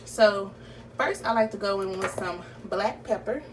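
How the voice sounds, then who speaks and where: A woman's voice: medium pitch, measured pace. A young woman talks casually through a recipe in her home kitchen and keeps calling out to y'all. She sounds a little distant from the camera mic, with a faint hum of room noise behind her. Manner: chatty, addresses viewers as y'all and you guys. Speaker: cooking vlogger. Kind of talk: casual cooking tutorial.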